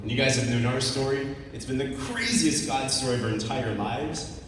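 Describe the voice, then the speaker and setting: A man's voice: mid-range voice, moderate pace, slight background noise. Earnest man speaking in an echoey hall. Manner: earnest and personal, with many fillers. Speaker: keynote speaker at a company conference. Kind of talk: motivational stage speech. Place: large conference hall on stage. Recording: echoey hall, far from the mic.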